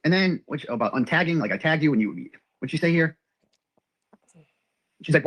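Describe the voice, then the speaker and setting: A man's voice: fairly high pitch, lively intonation, fairly quick, long pauses, fairly bright tone. A man in a ranting monologue, profanely reading his ex's messages aloud and picking them apart.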